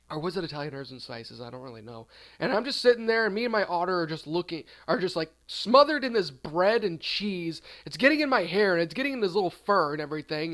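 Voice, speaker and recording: A man telling an absurd comedic storytime in a rambling, offhand way. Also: a little high. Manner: rambling, deadpan absurd, trailing off. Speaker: storyteller, channel host.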